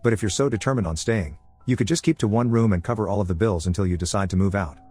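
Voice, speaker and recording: A domineering, self-righteous middle-aged mother barks orders, as a male story narrator reads her lines. The delivery is quick, low and a touch husky, and it stays commanding throughout. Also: a little mellow, faint music behind.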